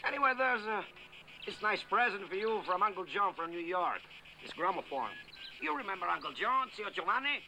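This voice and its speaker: An actor playing a cheerful, persistent suitor who coaxes a widow, in a dubbed film. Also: male voice, high-pitched, big pitch swings, moderate pace, sharp tone, exaggerated voice. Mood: coaxing. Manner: coaxing, wheedling. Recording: noisy film soundtrack.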